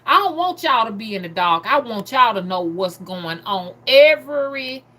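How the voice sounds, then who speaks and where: A woman's voice: fairly high pitch, very animated, normal speed, bright, forceful tone. A woman hosting a casual livestream, reading viewer comments aloud in a loose, talkative manner. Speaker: livestream host.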